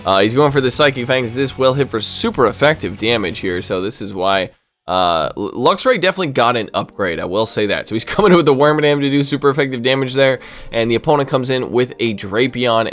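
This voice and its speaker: An excitable man talks through a game battle in a casual commentary style, reacting aloud to each play. His voice sits at a medium pitch. Soft music plays faintly behind him. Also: fast talker. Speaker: gaming commentator.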